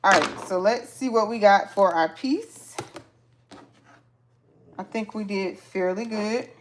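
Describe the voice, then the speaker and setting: Woman craft host, slow and chatty, teaching sewing on a live stream. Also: mid-range voice, slight background noise. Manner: chatty, talks to viewers as "y'all", excited exclamations. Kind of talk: casual live sewing tutorial.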